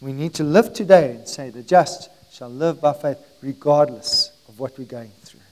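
A man preaching a sermon as pastor, emphatic and rising in volume, slowing on key phrases. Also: fairly high pitch, a little mellow, poor audio.

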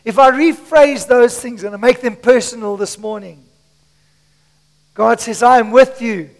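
Male pastor, very high voice, strained from shouting, passionate sermon, long church-hall reverb. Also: unhurried, creaky. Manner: impassioned preaching, shifting between shouts and hushed asides. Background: congregation.

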